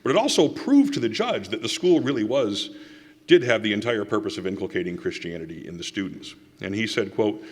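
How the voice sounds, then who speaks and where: A man's voice: on the low side, lively intonation, brisk, husky. A man giving a conference talk, with wry, sarcastic asides and quoted passages read aloud. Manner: reads quotations aloud. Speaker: conference speaker. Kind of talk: public lecture. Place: lecture hall. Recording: reverberant hall.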